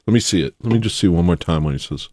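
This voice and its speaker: A man hosting satirical commentary, rambling and joking with loud sudden bursts. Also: sits low, animated, rapid-fire, no room sound, studio quality. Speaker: commentary host.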